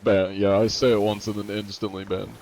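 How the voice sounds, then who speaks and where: A young man streams a game and talks casually, rambling through his points with plenty of fillers. His voice sits on the low side, with a faint hiss behind it. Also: level tone, fairly quick, creaky, a little mellow, rough recording. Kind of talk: casual gaming chat.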